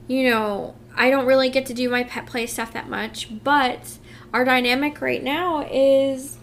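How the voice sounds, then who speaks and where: Slow, emotional higher-voiced woman vlogger. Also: fairly bright tone, a little hiss or hum. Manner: heartfelt, rambling, many fillers and restarts. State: emotional, close to tears. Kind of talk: casual confessional vlog.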